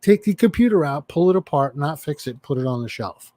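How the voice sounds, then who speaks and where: A man telling a story in casual chat, swearing freely and animated. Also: a little high, brisk, no room sound. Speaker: chat participant.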